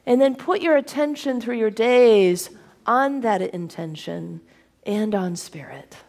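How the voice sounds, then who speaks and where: A woman minister preaches in a relaxed, conversational way, breaking into light laughs now and then. Her pitch sits at an ordinary middle for a woman. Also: vocal fry. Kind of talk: sermon.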